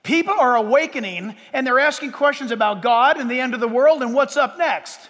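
A man preaching a sermon as pastor, emphatic, with dramatic pauses and sudden bursts of force. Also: very high-pitched, a bit bright, in a large hall.

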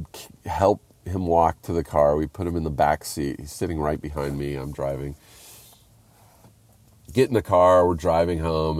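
A man telling a rambling story in a casual, heavily profane and animated way. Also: very deep voice, dry recording.

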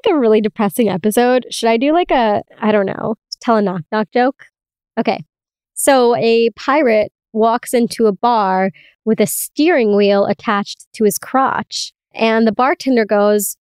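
A woman's voice: fairly high pitch, normal speed, a little mellow, clean tone, dry recording, studio quality. A young woman hosting a solo podcast, talking candidly and casually, laughing often and swearing now and then. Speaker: podcast host.

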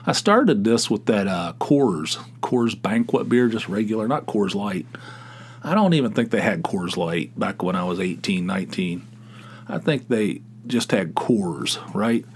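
A man's voice: on the low side, animated, measured pace, breathy edge. A middle-aged man hosting a casual solo podcast, rambling with stammered restarts and swearing. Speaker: podcast host.

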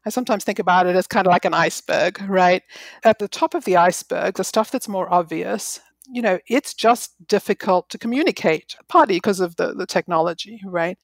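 A woman's voice: on the low side, a little fast, no room sound. A woman researcher on teamwork, giving thoughtful interview answers with hedging fillers.

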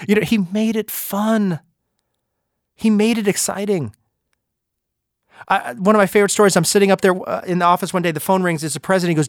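A man hosting a podcast, telling anecdotes in a lively, animated way before moving into his sign-off. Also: fairly high pitch, fast, no echo, clean studio sound. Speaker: podcast host. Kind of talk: anecdotal storytelling talk.

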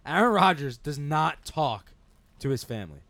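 A man's voice: a little high, sing-song, moderate pace, a bit bright, no room sound. A young man co-hosting a casual podcast, strongly opinionated and emphatic as he steers the conversation. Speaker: podcast co-host. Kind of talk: casual chat.

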